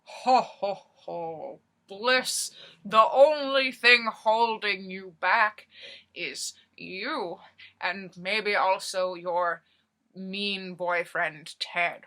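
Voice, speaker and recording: A jolly, round old Santa in a mask, rolling out slow ho-ho-hos and cryptic advice, as a woman puts him on. The tone stays bright and clear, and the delivery is unhurried. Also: exaggerated voice. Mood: mysterious. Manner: slow, booming ho-ho-ho.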